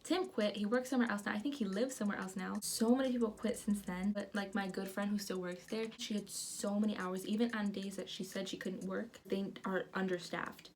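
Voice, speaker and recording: Animated young woman telling a story. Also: medium pitch, a little fast, few pauses, a little hiss or hum. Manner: animated, profane, acts out quotes. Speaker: vlogger. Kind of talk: casual storytime vlog.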